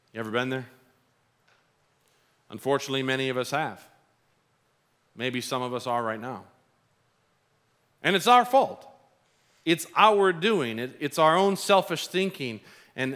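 A middle-aged man preaching a sermon as pastor, telling stories and acting out quoted voices. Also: medium pitch. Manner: animated storytelling, acts out quoted voices.

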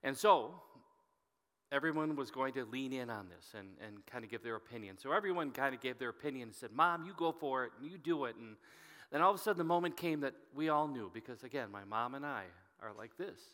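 A middle-aged man preaching as a pastor, telling a story in an earnest, halting way and often dropping to a hushed voice. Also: medium pitch, animated. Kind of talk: sermon storytelling. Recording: long reverb from a hall.

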